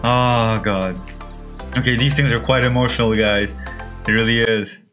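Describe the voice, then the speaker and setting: A man's voice: mid-range voice, fairly even intonation, normal speed, a bit bright, soft background music. A young man from Korea, reacting on video with emotional exclamations and gasps. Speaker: YouTube reactor.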